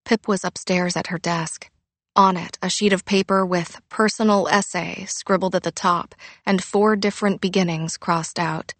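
A woman reading a novel aloud as narrator, in a quiet, measured way. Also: lowish voice, steady tone, dry recording. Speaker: audiobook narrator. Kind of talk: scripted narration.

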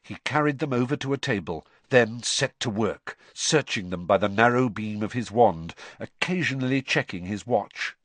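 Expressive audiobook narrator, very animated. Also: mid-range voice, normal speed, few pauses, no echo. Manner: expressive, dramatic reading. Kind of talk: scripted storybook narration.

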